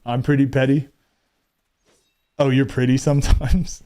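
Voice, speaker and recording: A man's voice: medium pitch, level tone, measured pace, dark tone. Playful laughing man streaming a game. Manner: playful, teasing, laughs often. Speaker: gaming streamer. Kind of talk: casual live-stream chat with viewers.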